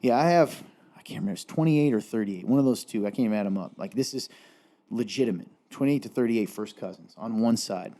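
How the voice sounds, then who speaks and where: Earnest Appalachian man, dark low voice. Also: fast talker. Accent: Appalachian Southern. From Eastern Kentucky. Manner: earnest, rambling, with many restarts. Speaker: podcast co-host. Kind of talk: casual faith chat.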